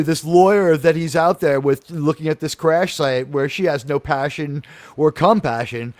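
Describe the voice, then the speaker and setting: A high-pitched male host chatting animatedly in a casual, comedic way. He rambles and restarts sentences often. His voice sounds close and dry. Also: lively intonation, unhurried, darkish tone, dry recording. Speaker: talk show host.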